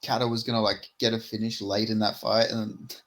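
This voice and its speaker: A man's voice: lowish voice, level tone, fairly quick, a bit bright. Podcast guy rambling casually, stops and restarts, laughs mid-sentence. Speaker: podcast co-host. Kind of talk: casual chat.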